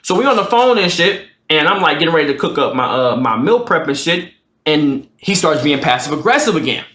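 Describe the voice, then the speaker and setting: Young man, casual storytime, animated, swearing, higher voice, echoey room. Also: brisk. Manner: animated, profane, jumps high for quoted lines. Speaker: streamer telling a story. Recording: roomy echo.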